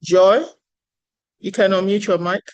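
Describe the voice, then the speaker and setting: A woman's voice: mid-range voice, steady tone, a little slow, clear, resonant tone, highs cut off. Encouraging professor woman on a call. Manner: encouraging, praising. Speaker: professor, meeting host. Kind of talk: online meeting. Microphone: video call.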